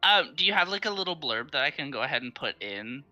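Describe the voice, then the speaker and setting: Bright, lively woman player. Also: sits low, quick pace, highs cut off. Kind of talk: casual game chat.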